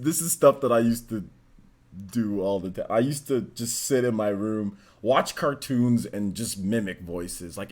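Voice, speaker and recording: A man in his thirties hosting a gaming show, chatting casually and animatedly and laughing often. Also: mid-range voice. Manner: animated, laughs often, drawn-out filler words. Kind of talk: casual streamed chat.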